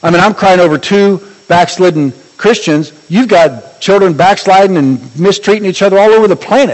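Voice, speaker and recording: High-voiced preaching pastor in a hall. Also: male voice, brisk, few pauses. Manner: animated preaching with rising exclamations and humor. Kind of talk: sermon.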